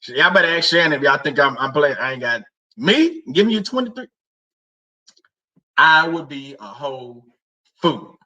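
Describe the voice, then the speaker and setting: A man's voice: mid-range voice, animated, moderate pace, sharp tone. A man hosting a faith livestream, chatting casually with viewers, joking, laughing often and using lots of slang and repetition. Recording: somewhat distant mic.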